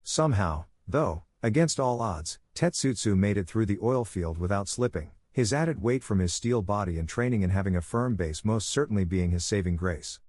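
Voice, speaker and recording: Low-voiced man narrating a story. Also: moderate pace, hardly any pauses, dry recording. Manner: steady storytelling. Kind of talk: scripted audiobook narration.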